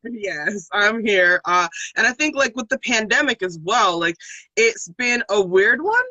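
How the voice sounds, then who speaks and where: An animated young American woman with a New York accent, her pitch leaping around as she tells stories and laughs often. Her voice is bright and forceful, with a set-high pitch, and the sound is dry and close. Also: unhurried, dry recording, dull audio. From born in New York, raised partly in Trinidad and Tobago. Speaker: interview guest, singer and rapper. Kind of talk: casual interview chat.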